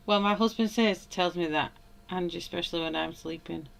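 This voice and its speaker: A woman's voice: on the low side, moderate pace, creaky. A woman, chatting casually at home while she colours on a livestream, greeting viewers by name and laughing often. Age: 30s. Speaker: livestream host.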